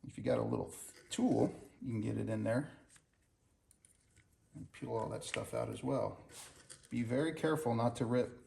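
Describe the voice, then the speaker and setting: A man's voice: medium pitch, very animated, normal speed, creaky, pauses often, dark tone, a little hiss or hum. A man working on a car and talking through the repair to the camera in a folksy, casual how-to style. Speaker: home mechanic.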